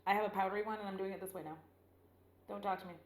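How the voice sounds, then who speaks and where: A woman chatting through her makeup routine in a loose, rambling way, swearing freely as she retells a story. Her voice sits at a middling pitch. The room echo is clearly audible around her voice, as if she were recording on a camera mic. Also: very fast. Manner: rambling, profane, animated retelling. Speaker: beauty vlogger. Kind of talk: casual get-ready-with-me chat. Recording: roomy echo.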